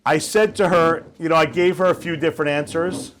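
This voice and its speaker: A man's voice: a little high, steady tone, a little fast, a bit bright, a little hiss or hum. A man giving a conversational talk to an audience, telling a story and asking listeners questions. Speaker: guest speaker.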